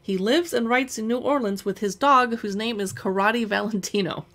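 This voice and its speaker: A woman's voice: on the high side, moderate pace, a bit bright. A woman hosting a livestream, chatting enthusiastically about books and reading a novel aloud. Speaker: book channel host.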